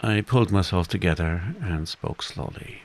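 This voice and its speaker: A man reading a bedtime story as scripted narration, soothing and unhurried. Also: deep voice, rough recording.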